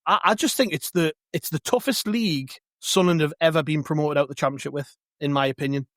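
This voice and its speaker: A man co-hosting a casual football podcast, animated and argumentative, often restarting his phrases. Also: on the high side, fast talker, dry recording, clean studio sound. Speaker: podcast co-host.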